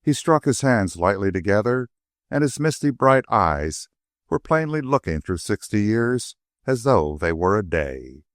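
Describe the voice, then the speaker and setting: A man narrating an audiobook in an expressive, varied delivery on a close mic. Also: lowish voice, unhurried, no room sound. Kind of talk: scripted narration.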